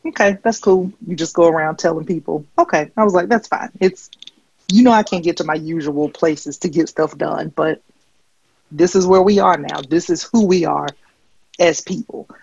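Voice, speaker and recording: A woman comedian doing a stand-up set, deadpan and rambling with filler ums. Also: low voice, moderate pace, vocal fry, breathy edge, highs cut off. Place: comedy stage.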